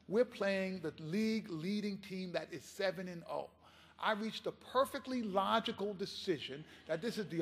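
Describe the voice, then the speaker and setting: A man giving a keynote speech, telling a story in an impassioned, animated way. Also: high-pitched, slightly rough, big-room sound. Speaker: keynote speaker.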